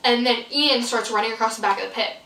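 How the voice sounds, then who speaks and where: A woman's voice: on the high side, quick pace, pushed and bright, a little hiss or hum. A teenage girl telling a rambling story in casual chat, full of fillers, acting out what people said in a bedroom vlog. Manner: rambling, filler-heavy, acts out quotes. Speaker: vlogger. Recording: roomy echo, mic a bit far off.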